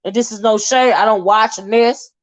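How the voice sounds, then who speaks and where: A woman's voice: on the high side, steady tone, moderate pace, dull audio. A woman hosting a casual gossip livestream, chatty and drawling. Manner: chatty, drawling, calls viewers child and honey. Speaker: livestream host.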